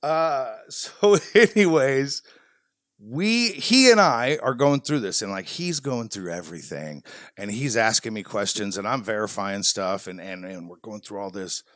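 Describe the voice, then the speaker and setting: A man from the Midwest co-hosting a podcast, telling a long story in a lively, laughing way. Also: fairly low pitch, a little slow, no room sound, clean studio sound. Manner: animated storytelling, frequent laughter. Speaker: podcast co-host. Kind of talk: casual podcast chat.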